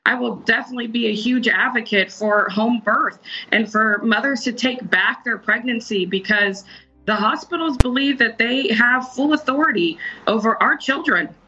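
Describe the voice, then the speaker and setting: A woman guest answering interview questions in a measured, subdued, slightly hesitant way. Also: fairly high pitch, sharp tone, breathy edge, muffled recording.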